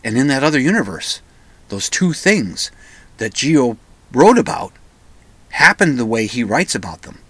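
Animated pedantic man hosting a podcast. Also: mid-range voice, unhurried, pauses often, husky, no echo. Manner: rambling, pedantic, restarts and self-corrections. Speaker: podcast host. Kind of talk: solo podcast monologue.

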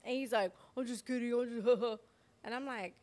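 A woman co-hosting a Christian podcast, telling a personal testimony in a lively way and acting out the voices of the people in her story. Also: on the high side, normal speed. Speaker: podcast co-host. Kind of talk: personal faith testimony in casual chat.

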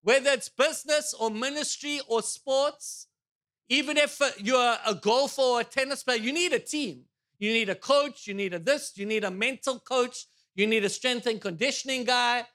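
Man, pastor, church sermon, very high pitch, bright voice, joking, animated, rhetorical questions.

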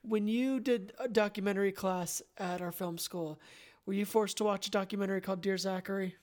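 A woman co-hosting a podcast, talking casually about a film, earnest and emotional, halting when moved. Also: mid-range voice, steady tone, a little mellow. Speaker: podcast co-host. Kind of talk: casual film review chat.

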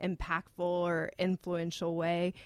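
A woman's voice: on the low side, completely flat delivery, a little slow, smooth, no echo, clean studio sound. A woman co-hosting a podcast, playful and inquisitive, who asks questions. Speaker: supervisor and co-host. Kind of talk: casual podcast chat.

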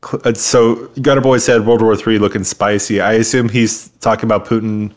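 A man's voice: on the low side, level tone, fairly quick. A man in his twenties co-hosting a podcast, joking and sarcastic in casual banter. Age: 20s. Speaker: podcast co-host.

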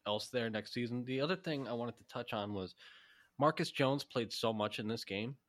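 A man co-hosting a sports podcast, giving quick opinions in casual chat with frequent restarts. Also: medium pitch. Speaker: podcast co-host.

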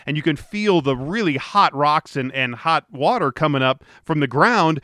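A man's voice: on the high side, fairly bright tone, clear, resonant tone, dry recording, clean studio sound. Rambling man hosting a podcast. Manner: rambling, with frequent restarts. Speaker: podcast host and traffic reporter. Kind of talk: casual podcast chat.

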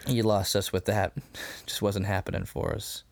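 A man co-hosting a podcast in a casual chat, animated and quick to laugh as he acts out scenes. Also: lowish voice, creaky. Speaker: podcast co-host. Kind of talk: casual episode discussion.

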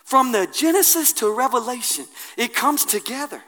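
A man preaching a sermon, colloquial and impassioned, swinging from hushed asides to loud declarations. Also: very high voice, expressive, normal speed.

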